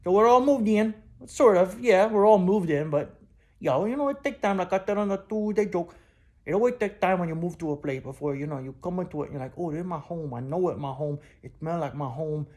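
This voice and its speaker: A man's voice: sits high, brisk, darkish tone, lightly acted. A man voicing a brash, streetwise male plush bulldog who tells a rambling comic story in chatty, broken-grammar patter. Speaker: show mascot.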